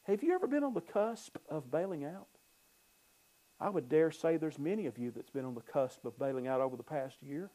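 Male preacher, mellow warm voice, fairly high, animated sermon delivery with conversational scripture commentary. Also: brisk. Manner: animated preaching, swings from loud emphasis to low asides; reads scripture aloud and explains it conversationally. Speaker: pastor.

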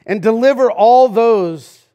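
A man's voice: very high voice, slow pace, warm tone, muffled recording. A man preaching a sermon as pastor, in a casual, conversational way with frequent fillers and asides. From Los Angeles. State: preaching with a swollen knee in a brace.

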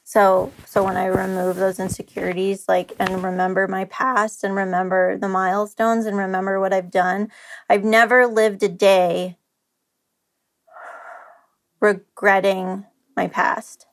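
A woman's voice: medium pitch, little pitch movement, measured pace. A woman talking candidly as a podcast guest, open and emotional, rambling with restarts and the odd curse. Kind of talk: candid casual chat.

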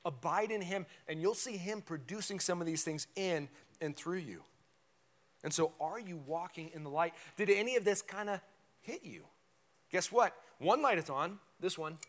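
High-voiced pastor preaching conversationally. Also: male voice, a bit bright. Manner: conversational, emphatic, frequent "right?" asides. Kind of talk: sermon. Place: church sanctuary.

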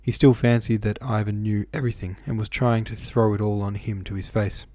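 A man narrating a novel aloud in a steady, even reading manner with small slips. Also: fairly low pitch, brisk, dry recording. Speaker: audiobook reader.

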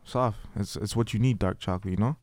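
A young man, talking loosely on a podcast. His delivery is slang-heavy and loud, with plenty of laughter. The sound is dry and close to the mic. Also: fairly low pitch, quick pace, no room sound. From Canada. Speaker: podcast co-host. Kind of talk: casual chat.

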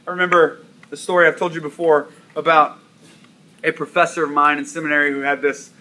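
A man's voice: on the high side, flat delivery, a little fast, pushed and bright. A man preaching a sermon, telling a story and repeating key lines for emphasis. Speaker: pastor.

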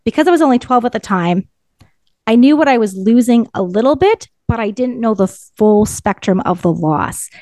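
A woman's voice: on the high side, warm tone, no echo. A woman, telling a personal story as a podcast co-host in an earnest, reflective way with many "like" fillers. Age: 30s.

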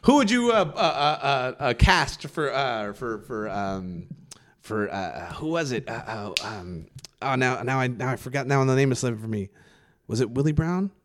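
A man's voice: mid-range voice, animated, normal speed, a bit bright. A young man from California chatting casually, rambling and swearing, with lots of fillers and restarts. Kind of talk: casual chat.

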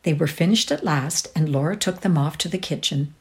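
A woman with a Canadian accent giving a dramatic reading of a short story, acting out each character's lines. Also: a little fast. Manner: voices each character with lively shifts in pitch. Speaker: reader.

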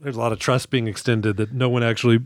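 A man's voice: mid-range voice, little pitch movement, fast talker, dry recording, clean studio sound. Chatty man laughing through a podcast. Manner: chatty, laughs often, acts out characters' lines. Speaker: podcast co-host. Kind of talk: casual movie podcast chat.

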